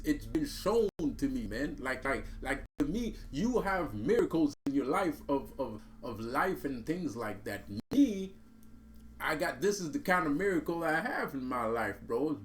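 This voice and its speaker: A man's voice: on the high side, slight background noise. A man telling a story in a casual, profane, streetwise way, laughing often and saying bro and man. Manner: repeats and restarts words. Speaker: vlogger.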